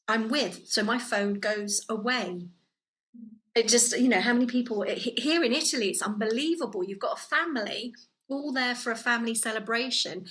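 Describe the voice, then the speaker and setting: Woman, podcast co-host, fairly high voice, earnest advice-giving chat, lots of ums. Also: a bit bright, low-quality recording. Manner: earnest, advice-giving, many fillers and restarts. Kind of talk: casual conversational chat. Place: living in Italy.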